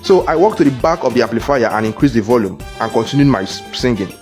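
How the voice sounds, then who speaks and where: A man narrating a comedic cartoon story in first person, telling it in an animated, exaggerated, jokey way. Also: mid-range voice, fast talker, soft background music. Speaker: narrator voicing the lead character.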